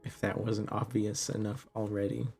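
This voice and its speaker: A man's voice: lowish voice, little pitch movement, moderate pace, gravelly, a little mellow, soft background music. A man in his twenties from Canada, chatting casually with his live-stream viewers and answering their questions with lots of fillers and restarts.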